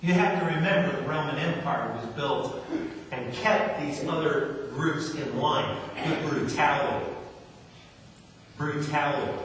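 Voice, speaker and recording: A man's voice: mid-range voice, a little hiss or hum. A man preaching a sermon, telling a story and repeating key phrases for emphasis. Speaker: pastor. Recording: echoey hall, mic from far off.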